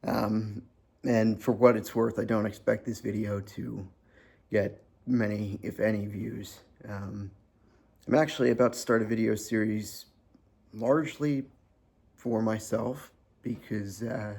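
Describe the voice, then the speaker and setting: Gravelly-voiced man in his thirties, vlogging. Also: fairly low pitch, fairly even intonation, a little slow, a little mellow. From New Jersey. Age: 30s. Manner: sarcastic, hesitant with frequent ums. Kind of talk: personal vlog monologue.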